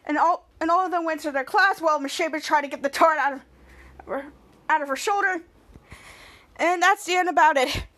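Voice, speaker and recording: A woman's voice: high-pitched, brisk, pushed and bright. A woman hosting a podcast, casually recapping a TV episode in a rambling, play-by-play way with frequent restarts. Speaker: podcast host.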